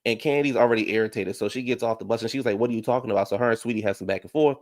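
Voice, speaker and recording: A man hosting a casual YouTube show, recapping a reality TV episode and talking to his viewers in chat, jumping into animated high voices when he quotes people. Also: racing. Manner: talks back to viewers in chat. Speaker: YouTube reaction show host.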